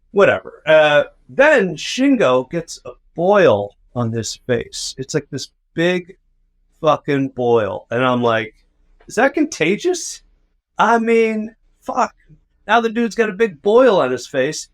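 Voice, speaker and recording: A man's voice: fairly high pitch, big pitch swings, measured pace. A man co-hosting a podcast, telling a rambling, profane, self-mocking story in casual chat. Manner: rambling, profane, self-mocking, acts out his own past outbursts. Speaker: podcast co-host.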